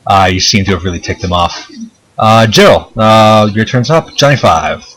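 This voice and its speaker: Low-voiced man running a tabletop game. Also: normal speed, slight background noise, low-quality recording. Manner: relaxed, explains rules with many fillers. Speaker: dungeon master.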